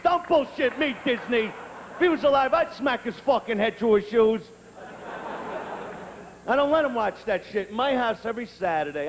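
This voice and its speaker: A high-voiced man doing a stand-up routine, crude and brash, who often breaks into shouts. His voice rings through a large hall with a long reverb. Clear background noise sits under it. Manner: profane, brash, bursts into shouting. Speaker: stand-up comedian.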